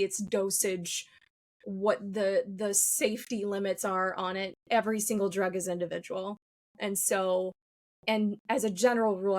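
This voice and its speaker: A woman pharmacist walks listeners through her points in a steady, explanatory podcast manner. Her voice sits at an ordinary middle pitch. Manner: measured, explanatory. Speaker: clinical pharmacist guest. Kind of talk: podcast conversation.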